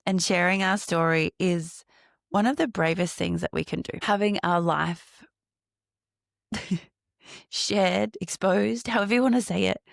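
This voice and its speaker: A woman hosting her own podcast, reflecting on healing and breathwork, laughing often and slowing into a guided meditation. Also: lowish voice, vocal fry, no room sound, clean studio sound. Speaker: podcast host and breathwork coach.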